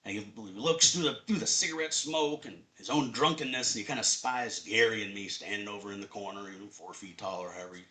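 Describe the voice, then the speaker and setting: A man in his fifties telling a personal story at a live storytelling event, conversational and animated. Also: lowish voice, fairly quick, few pauses. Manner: animated, conversational, acts out voices.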